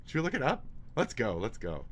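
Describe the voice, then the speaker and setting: A man streaming live, giving casual reaction commentary in a mocking, profane and excitable way. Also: medium pitch, fairly quick, slight background noise.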